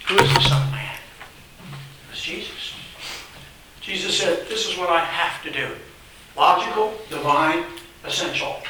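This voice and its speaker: A man's voice: high-pitched, bright, forceful tone, far from the mic, slight background noise. A man preaching a sermon, emphatic and repetitive, reading scripture aloud in a church hall. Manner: emphatic, repeats phrases, reads scripture aloud. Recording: very echoey room, voice off-mic.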